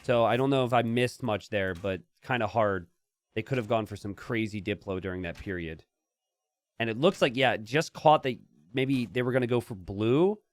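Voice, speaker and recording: A man casting a strategy game, chatty and jokey, bursting into excited shouts and laughter. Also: lowish voice, moderate pace, dry recording. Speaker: game caster. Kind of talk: live strategy game commentary.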